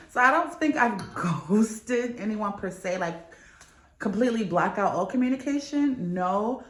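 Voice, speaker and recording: Young woman vlogger talking straight to camera; expressive, candid storyteller who curses freely, recorded in a roomy space. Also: medium pitch, a little slow. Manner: candid, swearing, animated storytelling. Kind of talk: casual chat to camera. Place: New York.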